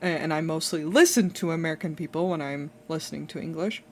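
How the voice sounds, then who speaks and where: A woman's voice: fast talker, a little hiss or hum. Chatty woman streaming. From Netherlands. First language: Dutch. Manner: chatty storytelling, gets louder and higher when excited, casual swearing. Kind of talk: casual live-stream chat.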